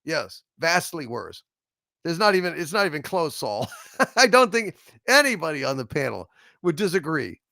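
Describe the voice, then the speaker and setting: A man's voice: on the high side, big pitch swings, moderate pace, creaky, pushed and bright, dry recording, clean studio sound. A man hosting a casual livestream, reading out viewer super chats and reacting in a blunt, profane, joking way. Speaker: host.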